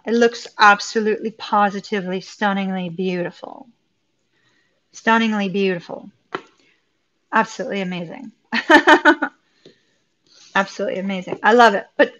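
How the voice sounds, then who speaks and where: A woman's voice: mid-range voice, steady tone, fairly quick, fairly bright tone. A woman giving a live tarot reading to viewers, effusive and upbeat, chatting and laughing often. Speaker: tarot reader. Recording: dull lo-fi recording.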